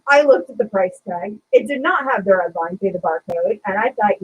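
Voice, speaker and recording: A woman co-hosting a casual podcast, telling a sarcastic retail story in a lively, chatty way. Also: fairly high pitch, normal speed, slight background noise, rough recording. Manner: animated, sarcastic retelling of a retail customer. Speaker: podcast co-host.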